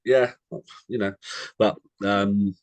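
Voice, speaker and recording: A man's voice: fairly low pitch, fairly even intonation, slow, no room sound. A young English man co-hosting a podcast, chatting casually, calling his friend mate constantly and telling anecdotes. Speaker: podcast co-host. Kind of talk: casual chat.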